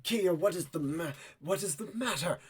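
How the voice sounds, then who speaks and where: A man's voice: high voice, expressive, moderate pace, a little mellow, voice pushed up. A man voicing a stern, urgent soldier. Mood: urgent, commanding. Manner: commanding, urgent. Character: stern, anxious male soldier. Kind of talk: tabletop role-play in character.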